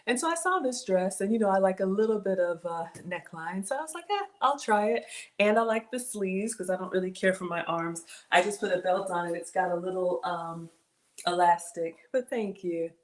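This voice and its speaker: A chatty woman with a Southern US drawl talks straight to her livestream viewers as she gets ready to bake. She reads out their comments, thanks them again and again, and often stops mid-sentence to start over. Her pitch sits in the middle range for a woman. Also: animated, moderate pace. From Southern United States. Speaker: livestream cooking host. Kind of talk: casual livestream chat.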